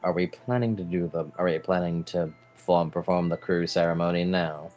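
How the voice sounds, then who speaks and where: Low-voiced man, hesitant table talk. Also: fairly even intonation, normal speed, darkish tone. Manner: hesitant, restarts often. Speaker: tabletop game player. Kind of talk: casual game chat.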